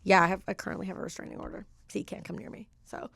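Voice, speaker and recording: A woman's voice: mid-range voice, level tone, rapid-fire, creaky, a bit bright, husky, dry recording. A woman guest, a stand-up comedian, chatting casually and telling a personal story with lots of fillers and laughs.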